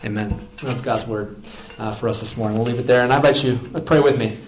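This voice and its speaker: A man's voice: medium pitch, fairly even intonation, quick pace, a little hiss or hum, poor audio. A man preaching a sermon at a church service, reading scripture expressively and breaking off for casual asides. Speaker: pastor.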